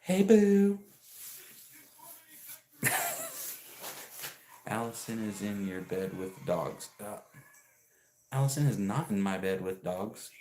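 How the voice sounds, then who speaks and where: A man with a somewhat low, darkish voice rambles through story after story on a casual livestream, laughing often while reading out and teasing his viewers' messages. He talks a little slowly, and the echoey room, like a garage, comes with a little hiss or hum.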